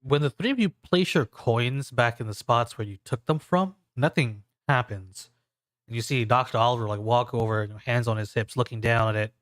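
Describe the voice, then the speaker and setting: Male game master, casual rambling narration, medium pitch, dry recording. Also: normal speed, a bit bright, no echo. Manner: loose, filler-heavy narration.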